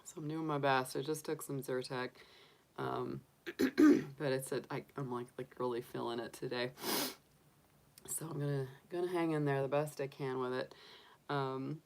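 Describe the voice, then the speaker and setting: A woman hosting a casual livestream, talking softly and fondly with lots of fillers, sniffly and congested from allergies. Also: rumbling low, gravelly, clear, resonant tone. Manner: soft, doting, chatty with frequent fillers. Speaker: tarot reader and livestream host.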